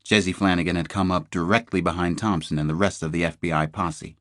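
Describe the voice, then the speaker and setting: Low-voiced male thriller narrator. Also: steady tone, a little fast, a bit bright, no echo, studio quality. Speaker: audiobook narrator. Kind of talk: scripted first-person narration.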